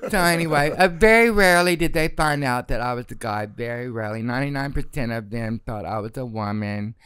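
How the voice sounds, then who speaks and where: A brash, campy middle-aged man spins profane stories and laughs freely. His voice is smooth and clear at a medium pitch. It sounds close and dry, with no room around it. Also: fairly quick, fairly bright tone, no room sound. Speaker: guest. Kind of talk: casual storytelling.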